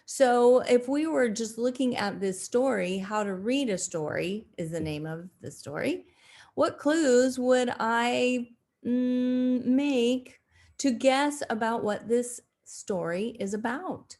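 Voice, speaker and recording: A woman teaching second graders in a recorded video lesson, speaking deliberately with frequent fillers and restarts. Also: fairly high pitch, a little mellow. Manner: slow, deliberate, with frequent fillers and self-corrections.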